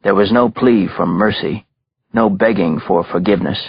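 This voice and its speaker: A male audiobook narrator reads scripted text in measured, even narration with a very low, husky voice. The recording is close and dry with no room sound, and its top end is dull and slightly muffled.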